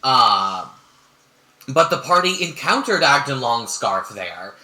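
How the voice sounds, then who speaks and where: Swearing, energetic game master with echo. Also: male voice, mid-range voice, slow. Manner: energetic, profane, teasing the players. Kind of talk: hosting and narrating a tabletop game.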